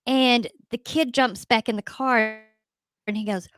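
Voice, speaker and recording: A middle-aged woman, a ghost hunter guest telling an emphatic, animated story in a radio interview. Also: fairly high pitch, unhurried, dry recording.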